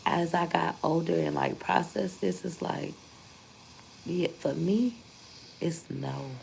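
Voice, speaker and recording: A woman's voice: deep voice, slow, vocal fry, a little mellow, a little hiss or hum, rough recording. A young woman, telling her story candidly and emphatically to her viewers in a casual vlog. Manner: candid, emphatic, repeats points for force. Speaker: vlogger.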